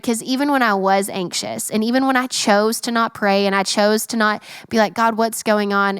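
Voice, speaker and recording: A young woman hosts a faith-based podcast in an earnest, emphatic way. Her voice sits fairly high and sounds smooth and clear. It is recorded dry and close, with no room sound. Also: no echo. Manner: earnest, heartfelt, quick and emphatic. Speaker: podcast host.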